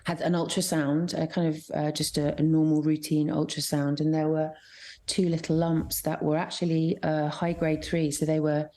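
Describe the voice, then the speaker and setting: Middle-aged actress guest from Scotland, lower register, candid and chatty with frequent restarts. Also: female voice, little pitch movement, dark tone. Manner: candid, chatty, many restarts and fillers, quick bursts. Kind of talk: radio interview.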